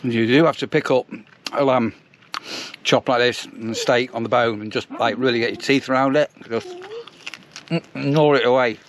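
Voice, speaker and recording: A man's voice: medium pitch, fairly even intonation, normal speed. A man from England chatting casually to camera in a vlog, narrating what he eats at a campsite caravan. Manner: chatty, self-narrating while eating. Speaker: vlogger.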